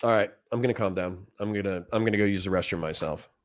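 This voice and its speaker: A man hosting a livestream, reading out chat comments and answering them bluntly, with plenty of swearing and quick flare-ups of anger. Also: low voice. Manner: blunt, profane, quick to get heated. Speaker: livestream host.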